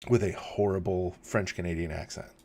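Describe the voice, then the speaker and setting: A man with a low, gravelly and husky voice chats casually on a livestream. He rambles, chuckles often and reads out questions from chat, sounding tired in the early morning. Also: fairly even intonation, normal speed, a little mellow. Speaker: livestream host.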